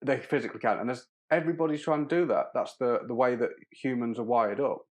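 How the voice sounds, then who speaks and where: A man's voice: mid-range voice, fast. A man who is a podcast guest, speaking in an earnest, philosophical way and often repeating words. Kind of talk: casual conversation.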